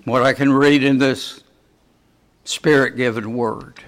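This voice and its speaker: A man preaching a sermon, asking his listeners many rhetorical questions in a slow, deliberate way. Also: medium pitch, fairly even intonation, a bit bright.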